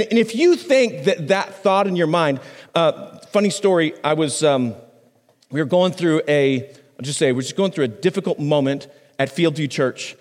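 A somewhat high-voiced man preaches a sermon into a microphone, talking like he's chatting with the congregation. He restarts phrases and pushes his pitch up and down to stress points. His voice rings out with the long reverb of a big church sanctuary. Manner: conversational preaching with restarts, pitch swinging high and low for emphasis. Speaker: pastor.

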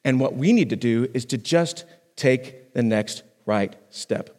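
A man, a pastor, preaching a sermon on a microphone in a conversational way, restarting phrases and swinging his pitch up and down for emphasis. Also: lively intonation, a little slow, a little mellow, in a large hall. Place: church sanctuary.

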